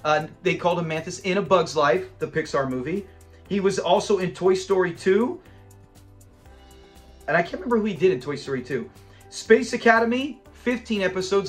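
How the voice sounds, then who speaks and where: A man hosting a casual episode breakdown of an old sitcom. He chats along, laughs often and retells scenes. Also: a little high. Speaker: host of a classic TV review channel.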